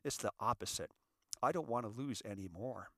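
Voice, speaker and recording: A man's voice: mid-range voice, a little fast, fairly bright tone, dry recording, studio quality. A middle-aged American man, a volunteer fire captain, giving an impassioned monologue that repeats key phrases and addresses the audience directly. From United States.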